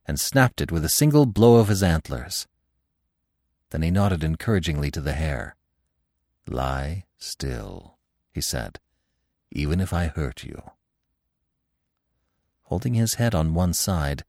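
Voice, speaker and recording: A man narrating a classic story as the podcast's reader, with an expressive, dramatic delivery. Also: deep voice, dry recording, clean studio sound. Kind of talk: audiobook storytelling.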